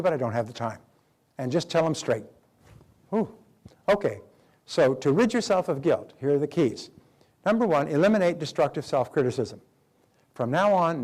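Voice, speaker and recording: A man's voice: on the high side, darkish tone. A middle-aged man giving a motivational talk, emphatic, repeating key phrases and acting out quoted dialogue. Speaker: motivational speaker.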